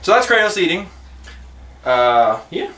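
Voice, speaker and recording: A man's voice: sits high, big pitch swings, a little slow, pushed and bright, recorded from a distance. A man chatting casually through a snake-feeding vlog, rambling with jokey asides. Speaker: pet snake vlogger.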